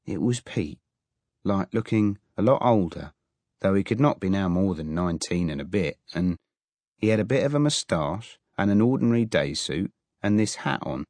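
A man narrating an audiobook in the first person, wry and expressive. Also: deep voice, moderate pace, no room sound.

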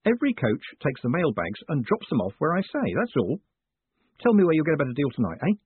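Brief: man doing a glib con man, cocky and theatrical, husky voice, tinny dry sound. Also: on the high side, wildly swooping pitch, quick pace, dry recording, pitched above the performer's own voice, full character voice. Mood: smug. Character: smooth-talking, cocky young male con man. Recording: phone-like dry audiobook sound.

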